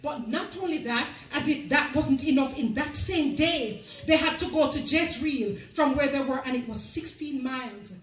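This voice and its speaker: High-voiced woman preaching in an echoey hall. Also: normal speed, hardly any pauses. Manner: storytelling, acting out the people in the story. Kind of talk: sermon. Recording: echoey church hall, mic at a distance.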